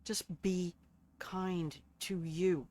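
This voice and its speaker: A woman's voice: lowish voice, steady tone, very slow, darkish tone, dry recording. An older woman signing off a game livestream, chatty and affectionate with a self-deprecating streak. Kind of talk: casual livestream sign-off. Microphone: streaming desk microphone.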